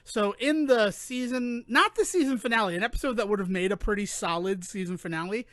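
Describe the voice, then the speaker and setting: A man co-hosting a podcast, chatting casually in an animated, rambling way that keeps interrupting itself. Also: high voice, fairly quick, dry recording. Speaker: podcast co-host. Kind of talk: casual chat.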